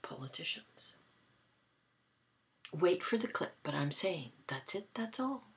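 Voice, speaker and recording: A woman, casually telling stories to her camera in a dry, amused way, with soft breathy asides. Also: lowish voice, very animated, slow, noisy background. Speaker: vlogger. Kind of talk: casual chatty storytelling to camera.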